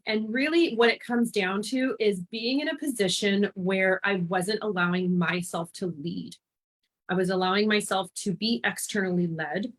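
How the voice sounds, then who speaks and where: A woman in her thirties from Canada, a life and business mentor speaking as a guest in a podcast interview, earnest and heartfelt. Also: medium pitch.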